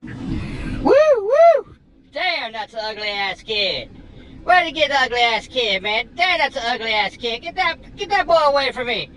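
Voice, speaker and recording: A man putting on a rowdy, crude bystander who hoots and shouts. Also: very high voice, very animated, a little slow, voice pushed up, heavily acted. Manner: hooting, shouting from off-mic.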